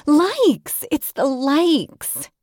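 A woman voicing an excitable, food-loving young woman contestant in an audiobook. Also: fairly high pitch, unhurried, no room sound, studio quality, pitched above the performer's own voice. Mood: excited. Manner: gushing, excitable.

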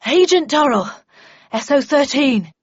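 A woman voicing a brisk male government agent who speaks in a loud, clipped, official manner. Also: sits high, lively intonation, dry recording, dull audio, voice pushed up. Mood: officious.

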